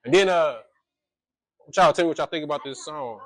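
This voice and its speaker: A man's voice: fairly high pitch, fairly quick, fairly bright tone, no echo. A man giving a casual reading talk to schoolchildren, rambling and full of fillers. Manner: loose, rambling, filler-heavy.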